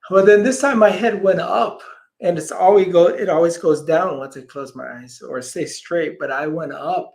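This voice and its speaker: Gravelly man telling a story. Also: on the high side. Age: adult parent. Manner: animated storyteller, acts out quoted voices, drops to near whispers. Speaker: guest healer. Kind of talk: storytelling in an interview.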